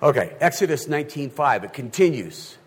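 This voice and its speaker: Husky, animated man preaching. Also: mid-range voice, fairly quick. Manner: animated, checks in with listeners often. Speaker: pastor. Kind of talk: sermon.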